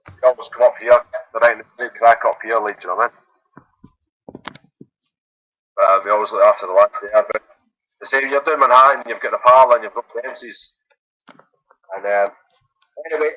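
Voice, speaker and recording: A man's voice: medium pitch, pushed and bright, no echo, highs cut off. A man calling into a phone-in, chatting casually and often adding "like" and "you know what I mean". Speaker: caller.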